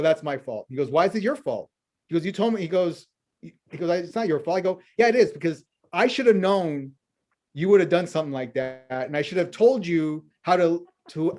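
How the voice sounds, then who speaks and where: Brief: male financial planner guest, fairly high voice, spins stories and acts out both sides of the dialogue. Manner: lively anecdotes full of quoted dialogue. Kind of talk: storytelling in a conversational interview.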